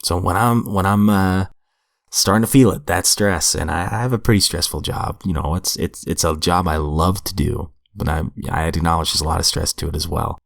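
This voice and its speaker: A hoarse man hosting a podcast, reading passages aloud and reflecting on them in an earnest, conversational way. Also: low-pitched, steady tone, moderate pace, dry recording, clean studio sound. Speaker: podcast host reading recovery literature. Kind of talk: reflective solo podcast commentary.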